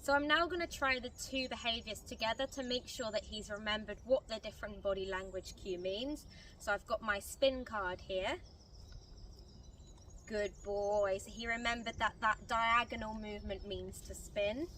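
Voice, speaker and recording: A woman dog trainer giving a clear, step-by-step tutorial outdoors. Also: mid-range voice, moderate pace, sharp tone. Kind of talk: instructional tutorial. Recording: distant mic, faint outdoor noise.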